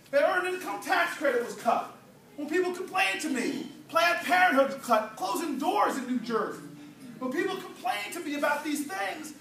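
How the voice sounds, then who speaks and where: High-voiced man giving a rousing church speech. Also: gravelly, sharp tone. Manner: preacherly, playful, call and response with crowd. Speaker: political speaker. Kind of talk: rousing speech with humorous storytelling. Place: church hall, indoors. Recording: echoey hall, distant mic, crowd.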